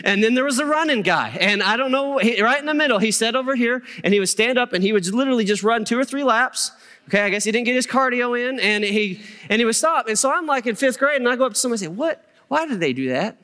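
A man's voice: very high-pitched, quick pace, pushed and bright, long reverb tail. A middle-aged man preaching a sermon as a pastor, telling stories with humor and asides to the congregation. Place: church sanctuary.

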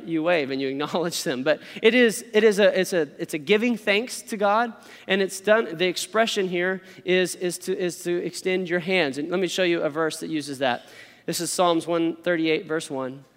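A man preaches a sermon in a high, light voice. He teaches through stories and keeps checking in with the congregation. His words ring out with long reverb in a church hall. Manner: lively storytelling with frequent "okay?" asides. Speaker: pastor.

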